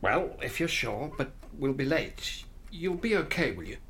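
An actor playing a gentle middle-aged father who coaxes his daughter affectionately. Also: mid-range voice, big pitch swings, a little slow, slight background noise. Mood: coaxing. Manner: coaxing, affectionate. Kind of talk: radio drama acting.

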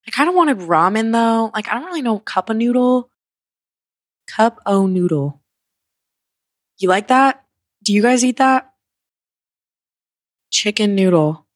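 A woman's voice: medium pitch, dry recording. A young woman hosting a casual podcast, rambling and distracted, swearing often, irritable and with a sore throat. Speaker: podcast host. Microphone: handheld microphone.

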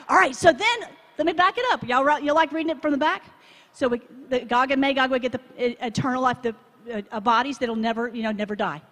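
A woman from Texas, preaching to a live audience in a chatty, animated way and asking the crowd to join in. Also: high voice, fast talker. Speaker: conference speaker. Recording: long hall reverb.

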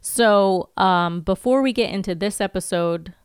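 A congested woman co-hosting a podcast, recapping an episode in casual, lively chat. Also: medium pitch, a little slow, clear, resonant tone, no room sound, clean studio sound. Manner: lively storytelling with laughs. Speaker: podcast co-host.

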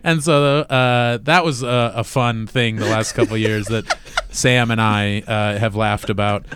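A man telling stories as a comedian guest in casual podcast chat, laughing loudly and often. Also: on the low side, measured pace, smooth, no room sound. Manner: loud laughs, animated storytelling.

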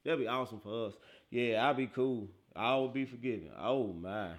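A man hosting a casual livestream, reacting excitedly to football highlights, laughing often and talking straight to his chat. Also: moderate pace. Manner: excitable, laughs often, bursts into loud outbursts, talks to chat; slangy, animated football banter. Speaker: livestream host.

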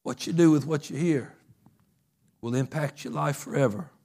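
A man preaching a fervent sermon, telling stories and swinging from loud bursts to hushed passages. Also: on the high side, moderate pace.

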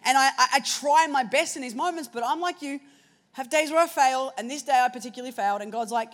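A woman preacher telling a personal story in a sermon, shifting between hushed and loud moments. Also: high voice, fast talker.

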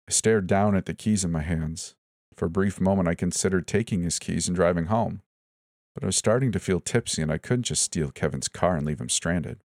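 A man reads a first-person horror story in a very deep voice, steady and even. The recording is close and dry, without room sound. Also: no room sound. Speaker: narrator.

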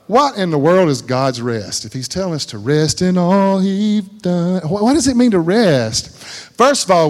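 A man preaching an informal sermon in a folksy, conversational way, repeating phrases for emphasis. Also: fairly high pitch. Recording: long hall reverb.

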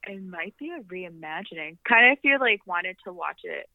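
A woman's voice: lowish voice, expressive, moderate pace, gravelly, dry recording, narrow, tinny audio. A woman guest on a podcast chatting casually, giggly and easygoing. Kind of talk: casual interview chat.

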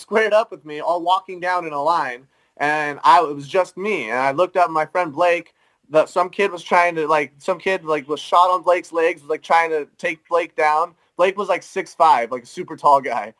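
A man's voice: on the high side, fairly bright tone, low-quality recording. A young man co-hosting a podcast, telling a story animatedly and filling his speech with "like" and "dude". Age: young adult. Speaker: podcast co-host. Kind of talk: casual storytelling.

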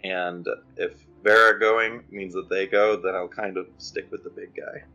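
A man's voice: deep voice, fairly even intonation, moderate pace, pushed and bright, lo-fi sound. A man talking as a player at a tabletop game in casual, joking chat. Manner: joking, laughing, swears often.

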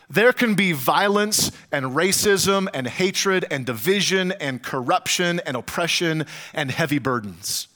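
A man preaching a sermon as pastor, telling a travel story with dramatic pauses and comic asides to the congregation. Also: sits high, pushed and bright.

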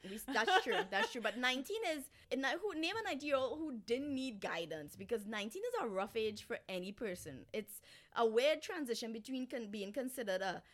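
A woman co-hosting a casual true-crime chat, animated and profane, with laughing asides. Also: on the high side, fairly quick. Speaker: podcast co-host telling a case.

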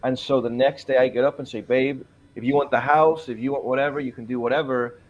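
This pastor, in his forties, talks quickly with fairly even intonation at a medium pitch. Earnest and emphatic, he gives his testimony in a podcast interview and quotes his own prayers, on lo-fi sound.

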